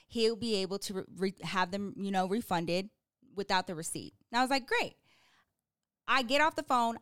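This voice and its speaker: A woman's voice: mid-range voice, a bit bright, clear, resonant tone, dry recording, clean studio sound. A woman co-hosting a podcast, telling a story in casual chat with a confident, teasing manner. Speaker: podcast co-host.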